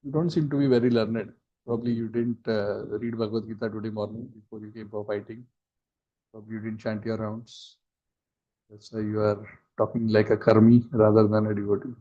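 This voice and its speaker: A man's voice: on the low side, level tone, a little fast, warm tone. A man teaching a scripture class, telling the story with acted quotes and asides, on a dull lo-fi recording.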